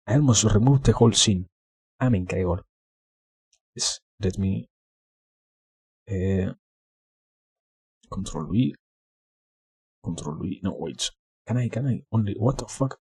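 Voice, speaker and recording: A man's voice: lowish voice, expressive, a little slow, long pauses, breathy edge, dry recording. A young man streaming live, chatting casually, flustered, swearing and laughing a lot. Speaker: livestreamer. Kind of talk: casual livestream chat.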